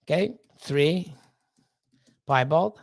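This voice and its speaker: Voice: medium pitch, lively intonation, drawn-out words, vocal fry. This is a reptile breeder hosting a casual livestream, talking straight to the chat. The delivery is blunt and heated, full of swearing, repeated pleas and stumbling restarts. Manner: emphatic repeated pleading. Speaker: reptile breeder and channel host.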